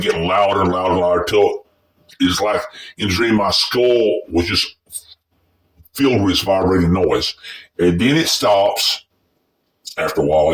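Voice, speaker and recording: A man's voice: deep voice, a bit bright, far from the mic, low-quality recording. A man casually telling a personal story, in a rambling and profane way that is full of restarts.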